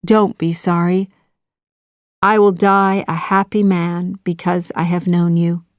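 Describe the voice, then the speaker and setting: A gentle, devoted young sailor, as a woman voices him in a storybook, speaking slowly and softly. The sound is dry and close, with a lowish, even tone. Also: dry recording. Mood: tender. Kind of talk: children's audiobook reading.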